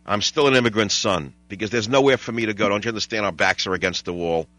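A man's voice: fairly low pitch, fast talker, bright, forceful tone, dry recording. An older man hosting a talk radio show, rambling wryly through stories and chatting with callers. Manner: digressive, wry, mimics voices and jokes with callers. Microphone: studio microphone.

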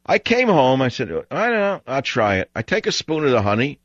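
This call-in radio host speaks at a medium pitch, a little fast, with big swings in pitch as he rants bluntly and scornfully. His monologue comes through a studio broadcast microphone as dull, dry radio audio.

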